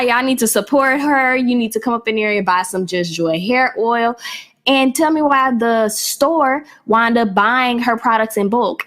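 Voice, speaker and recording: A chatty woman hosting a solo podcast, talking straight to her listeners as "y'all" in an easy, animated way. Her voice has a country lilt she names herself, pitched in the middle for a woman. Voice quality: self-described country voice. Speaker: podcast host. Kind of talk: casual solo podcast talk.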